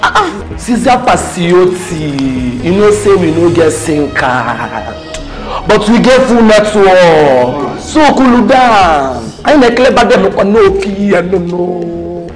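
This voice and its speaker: A man's voice: high-pitched, sing-song, slow, roomy sound, over music, exaggerated voice. An actor with a Nigerian accent playing a gang member who soothes his boss in pidgin. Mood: soothing. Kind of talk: Nollywood film acting.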